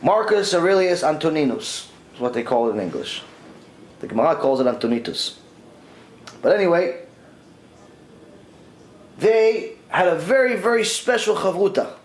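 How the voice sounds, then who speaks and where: A man, a rabbi, giving a storytelling lesson in an animated, conversational way. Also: high-pitched, measured pace, pauses often. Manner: animated, conversational retelling with voiced quotes. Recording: echoey room.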